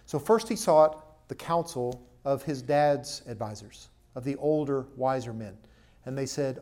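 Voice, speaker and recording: A male pastor preaching a sermon at a church service and then leading a prayer. He talks emphatically, pushing his voice up for stress, dropping to an earnest hush, and putting questions to the congregation. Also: medium pitch, unhurried.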